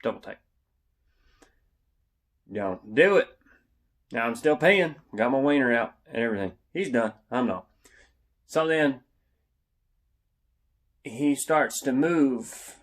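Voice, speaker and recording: A young man casually telling a funny story, animated and yelling out the lines he quotes. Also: mid-range voice, unhurried, long pauses.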